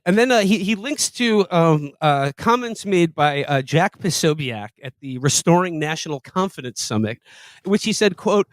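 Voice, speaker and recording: A man co-hosting a podcast, reading long passages aloud in a wry, deadpan-amused way. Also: a little high, normal speed, dry recording. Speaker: podcast co-host. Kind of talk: casual comedic chat, reading quotes aloud.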